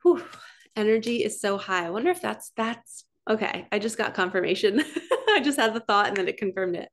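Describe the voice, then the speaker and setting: A woman giving a casual, excitable oracle card reading as a spiritual coach, chatty with gasps of wonder. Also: mid-range voice. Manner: chatty and excitable, frequent laughs and gasps, quick then drawn-out.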